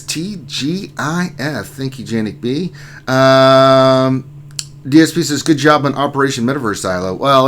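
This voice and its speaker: A man's voice: fairly low pitch, fairly bright tone. Man hosting a laid-back gaming livestream, reads chat handles aloud, faint noise behind. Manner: reads chat names aloud and greets viewers. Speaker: livestream host.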